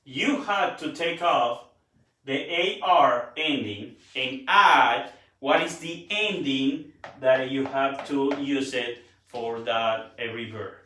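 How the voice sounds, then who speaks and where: Teacher with a bright echoey voice. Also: male voice, medium pitch, takes it slowly, far from the mic. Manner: broken English with Spanish words spoken natively. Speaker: Spanish teacher. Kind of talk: classroom lesson. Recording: echoey room, voice from off mic.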